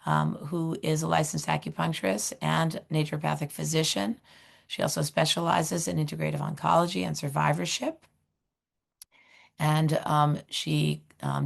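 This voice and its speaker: A middle-aged woman with a hoarse voice, hosting a webinar and introducing speakers, halting with many fillers. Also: low voice. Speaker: seminar host, director of education.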